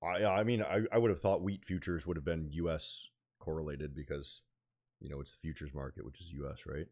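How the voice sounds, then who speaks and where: A man's voice: very deep voice, fairly even intonation, fairly quick, darkish tone. A young man streaming about day trading in casual chat, rambling with lots of fillers and slang.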